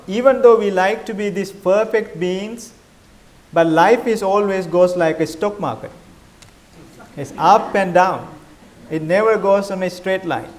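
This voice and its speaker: Male monk, middle-aged, high voice, conversational dharma talk peppered with questions. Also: darkish tone. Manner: questioning, conversational, non-native phrasing. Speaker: Buddhist monk teacher.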